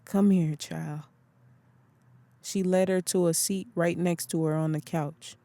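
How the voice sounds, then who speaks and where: A narrator telling an audiobook story in a plain, even way. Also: mid-range voice, normal speed, dry recording. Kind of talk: scripted narration.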